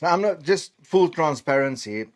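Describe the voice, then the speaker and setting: A man's voice: a little high, lively intonation, moderate pace. A man from South Africa chatting casually as he tastes and rates food, rambling and trailing off mid-sentence with self-deprecating asides. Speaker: food vlogger. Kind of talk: casual food-tasting chat.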